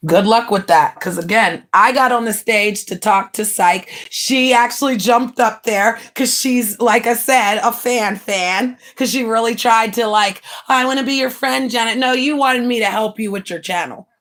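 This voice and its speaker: A woman hosting her own livestream, ranting in a brash, profane, mocking way with sudden bursts of shouting. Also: on the high side, measured pace, few pauses. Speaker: livestream host.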